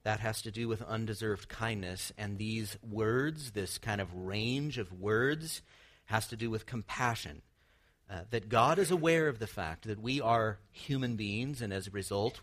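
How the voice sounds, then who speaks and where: A man's voice: on the low side, unhurried, fairly bright tone. A man preaching a sermon, teaching earnestly with rhetorical questions and the odd light laugh. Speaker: pastor.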